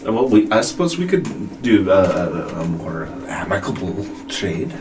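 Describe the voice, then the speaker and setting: A man's voice: deep voice, unhurried, distant mic. A man playing a tabletop game, talking casually with many hesitations. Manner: hesitant, lots of fillers, animated. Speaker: player.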